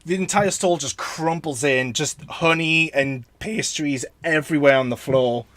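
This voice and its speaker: A man narrating a tabletop game as game master, halting and laughing as he goes. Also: on the high side.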